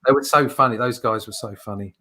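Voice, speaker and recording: A man's voice: medium pitch, quick pace, bright, forceful tone. A British man hosting a casual chat, rambling with many fillers and restarts. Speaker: host.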